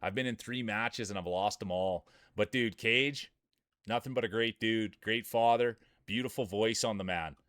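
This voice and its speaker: A man's voice: on the low side, moderate pace, no room sound, studio quality. Jokey, laughing male streamer. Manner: jokey, excitable, laughs often while talking. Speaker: streamer and game host. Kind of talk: casual live-stream commentary.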